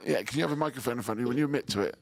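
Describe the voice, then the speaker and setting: A man's voice: medium pitch, racing, gravelly, a little hiss or hum. A man in his forties, a sleep-deprived radio presenter, teasing and laughing through casual banter in a studio. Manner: jokey, teasing, laughs often. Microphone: studio microphone.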